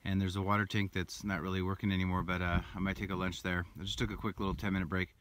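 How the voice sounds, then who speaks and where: A man's voice: low-pitched, level tone, fast talker, background noise. A man narrating his hike in a casual trail vlog, rambling as he walks and points out the route, outdoors on a mountain trail, recorded on a handheld camera. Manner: rambling, breathy while climbing, pointing out the route. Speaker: hiker vlogger. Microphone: handheld camera while walking.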